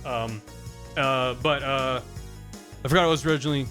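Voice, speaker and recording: A man's voice: medium pitch, moderate pace, pushed and bright, soft background music. A young man chatting casually on a live stream, rambling with frequent stammered restarts.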